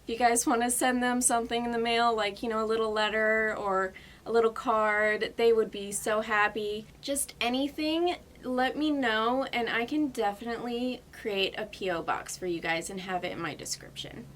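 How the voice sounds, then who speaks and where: Young woman beauty vlogger, gushing and excitable, slightly high voice. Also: moderate pace, slight background noise. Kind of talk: casual chat to camera.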